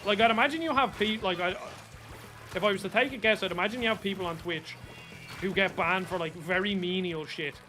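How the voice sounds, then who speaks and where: Young irish guy gaming on stream, high voice, cursing and yelping at plays, bright sharp tone. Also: a little fast, faint music behind. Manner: chatty, swears freely, excited outbursts during play. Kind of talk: casual gameplay chat.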